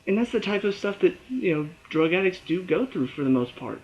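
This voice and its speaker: A man reviewing a TV episode in a casual solo talk, animated and acting out the characters' lines and his own reactions. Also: sits high, fairly quick, muffled recording. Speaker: TV show reviewer.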